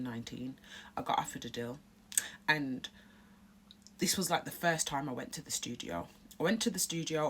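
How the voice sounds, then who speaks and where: Woman vlogger, deep voice, candid and emphatic, casual to camera. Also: slight background noise.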